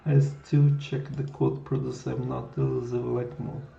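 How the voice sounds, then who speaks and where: A man hosting a casual livestream, musing slowly and trying out words aloud. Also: medium pitch, flat delivery, gravelly, warm tone. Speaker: livestream coding host. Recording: echoey room, dull lo-fi sound.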